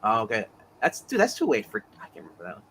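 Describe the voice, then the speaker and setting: Excitable guy, bright sharp voice jumping all over, keeps cutting in. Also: on the low side, slightly rough. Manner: excitable, quick to cut in. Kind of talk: casual chat.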